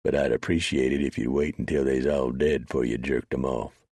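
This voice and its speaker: A man voicing a blunt, rough frontier mountain man who drawls in backwoods grammar with dry sarcasm. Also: rumbling low, steady tone, normal speed, a little mellow, no room sound. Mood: gruff.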